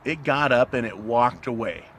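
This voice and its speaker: A middle-aged commentary host talks at normal speed in a mid-range, slightly bright voice, with a bit of background noise. Cigar in hand, he delivers a crude, blunt, rambling to-camera monologue, constantly asking "right?"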